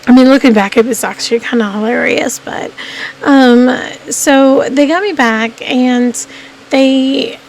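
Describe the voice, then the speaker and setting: A woman's voice: high voice, measured pace, vocal fry, darkish tone, slight background noise, low-quality recording. A woman telling a personal story to her viewers in a casual vlog, rambling and restarting her sentences often. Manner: rambling, with frequent restarts and "I mean" fillers. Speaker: vlogger.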